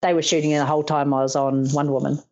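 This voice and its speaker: A woman in her thirties from New Zealand, a stunt performer, tells stories in a relaxed interview, speaking very fast in a low voice. She's animated and laughs often, acting out the lines of the people she quotes. The audio is dull.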